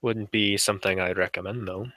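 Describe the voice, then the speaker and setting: A man's voice: on the low side, steady tone, fairly quick, sharp tone, no room sound. A man playing a tabletop game, speaking plainly and matter-of-factly. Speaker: tabletop player. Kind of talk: casual tabletop role-play.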